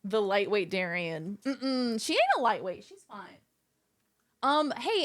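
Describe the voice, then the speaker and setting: Streaming live from home, a young woman rambles playfully to her viewers, tossing in goofy asides as they chat. She speaks a little slowly in a sing-song voice of medium pitch.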